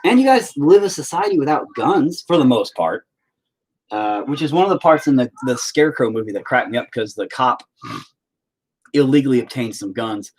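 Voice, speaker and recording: Male streamer, casual and profane, rambles and ribs his chat, animated pitch swings. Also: normal speed, husky. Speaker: livestream host.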